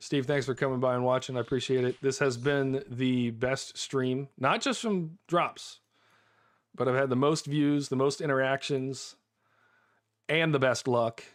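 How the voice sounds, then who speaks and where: Unhurried and mid-range in pitch, an American man live-streams a game; he's chatty and excitable, laughing a lot and saying things more than once.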